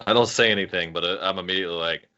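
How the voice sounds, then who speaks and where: Man, tabletop player, very deep bright voice, dull lo-fi sound, faint music. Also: racing. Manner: laid-back, laughs easily. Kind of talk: casual tabletop play.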